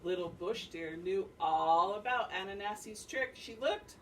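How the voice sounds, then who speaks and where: A woman teacher reading a picture book aloud to her class with expressive storytelling and calling on children by name to answer questions, recorded by a distant camera in a classroom. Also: mid-range voice, measured pace, few pauses, slight background noise. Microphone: distant camera mic. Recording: distant mic, faint classroom ambience.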